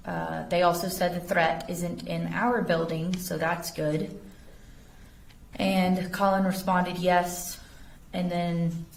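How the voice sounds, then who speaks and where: Low-voiced woman testifying in a roomy courtroom. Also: creaky, a little hiss or hum. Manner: reads text messages aloud in a measured, factual way. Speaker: investigator testifying as a witness. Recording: roomy courtroom audio from a distance.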